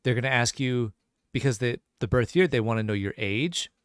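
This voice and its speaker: A man's voice: medium pitch, normal speed, clean tone, no echo, studio quality. A man teaching a casual live-streamed language lesson, chatting loosely and answering viewer questions as they come in. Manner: casual, chatty, reads chat questions aloud.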